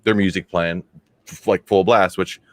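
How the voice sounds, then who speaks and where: A man's voice: low-pitched, steady tone, normal speed. A man co-hosting a casual podcast, telling long, crude, rambling stories and laughing at his own jokes. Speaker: podcast co-host.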